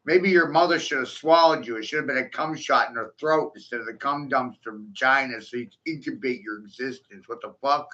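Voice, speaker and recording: Man, profane mocking rant, bright edgy tone, dull lo-fi recording. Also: mid-range voice, a little fast, hardly any pauses. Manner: punctuated by scornful laughs. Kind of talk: ranting monologue.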